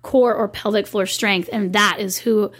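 A woman in her thirties, a guest and company owner, telling a personal story in an animated, chatty way in a casual interview. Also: medium pitch, measured pace, husky.

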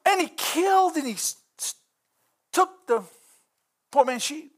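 A man preaching a sermon with passion, breaking into fervent exclamations and rising to shouts as he drives his points home. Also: very high-pitched, lively intonation, measured pace.

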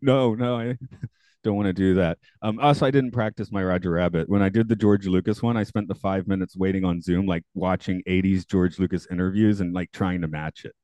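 A man's voice: low-pitched, steady tone, a little fast, mellow, dry recording. A man in his forties hosting a podcast, chatting casually, laughing often and rambling with restarts. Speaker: podcast host. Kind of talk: casual chat.

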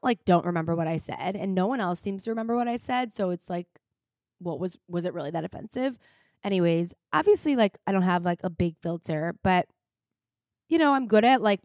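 A woman's voice: lowish voice, a little mellow, no room sound. Rambling young woman, dry close mic. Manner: rambling, filler-heavy, emotional. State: tearful at times. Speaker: podcast host. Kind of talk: casual confessional monologue.

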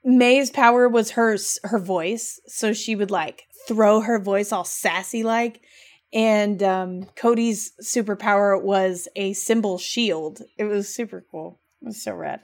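A woman co-hosting a casual podcast, talking about games in an animated, gushing, emotional way. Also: medium pitch, unhurried. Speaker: podcast co-host.

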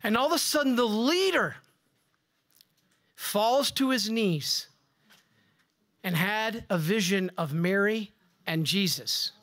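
A man preaching as a Catholic priest, delivering a rousing sermon with emphatic rises on key words and quick asides to the congregation. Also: high-pitched, expressive, a bit bright.

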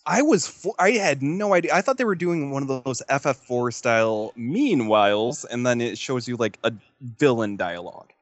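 A man leading a relaxed talk about a game, recapping events in an easygoing way. His voice sounds dry and close to the mic, with no room echo. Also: medium pitch, normal speed, hardly any pauses. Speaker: podcast co-host. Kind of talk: casual chat about a video game.

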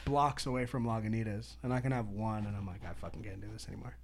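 A man's voice: on the low side, steady tone, fast, slight background noise. Crude, joking young man in casual chat. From Northern California. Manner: crude, joking storyteller who swears a lot.

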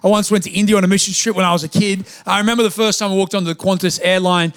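Australian pastor guy, pretty high voice, funny rambly sermon stories. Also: clear, resonant tone. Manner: lively, self-deprecating, with quick restarts. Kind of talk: sermon with humorous storytelling. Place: church service with a live congregation.

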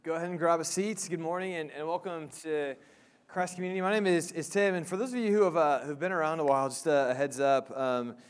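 A man in his thirties preaching a sermon as pastor, casual and halting, with many fillers and restarts. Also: a little high, smooth.

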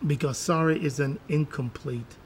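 A man's voice: a little high, moderate pace, a little hiss or hum. A man hosting a parenting podcast, asking questions and affirming his guests often. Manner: affirming, frequent mm-hmms and praise. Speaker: podcast host. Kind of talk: interview hosting.

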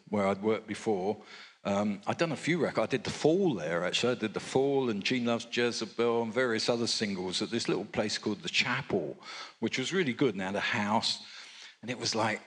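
A man's voice: lowish voice, moderate pace, a bit bright. An older man from England, a record producer telling rambling, anecdotal stories in a live interview with chuckles.

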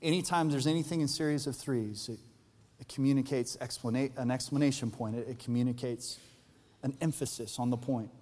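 Pastor, man, mid-range voice, earnest preaching with loud emphatic peaks, long hall reverb. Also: mid-range voice, fairly quick. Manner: earnest preaching, builds to loud emphatic peaks, drops soft for tender lines. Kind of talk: Easter sermon. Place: large church hall. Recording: live church hall with long reverb and soft music.

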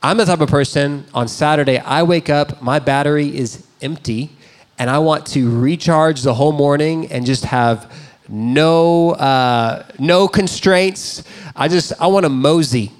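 A man's voice: on the high side, unhurried. A man in his thirties, a pastor, preaching a sermon in a conversational, self-deprecating storytelling way. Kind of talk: sermon with personal stories.

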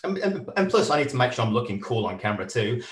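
A man from the north of England with an Australian-tinged northern English accent, an energetic, jokey guest in a casual interview. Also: medium pitch, fast. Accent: northern English with an Australian influence. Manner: energetic, jokey, laughs often. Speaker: podcast guest, corporate educator. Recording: roomy echo.

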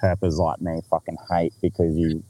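An Australian man with a low, mellow voice tells a story on a podcast in a relaxed, unhurried way. He swears freely and laughs through his own story. A faint hiss sits under the recording. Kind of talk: casual storytelling chat.

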